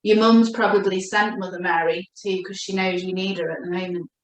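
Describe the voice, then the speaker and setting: A woman giving a gentle, reassuring spiritual chakra reading as a coach. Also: medium pitch, steady tone, slight background noise. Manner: gentle, reassuring, speaks slowly when addressing her guide. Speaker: oracle card reader and coach. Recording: echoey room.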